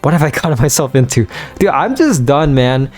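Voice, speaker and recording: A man giving casual let's-play commentary in a strained, hoarse voice as he starts to lose it, rambling with lots of fillers and restarts. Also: medium pitch, sing-song, a little fast, a little mellow, faint music behind. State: losing his voice, strained. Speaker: gaming video creator.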